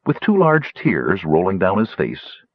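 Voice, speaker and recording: Lively low-voiced male storybook narrator. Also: unhurried, no echo, muffled recording. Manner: lively, voicing characters higher. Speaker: audiobook narrator.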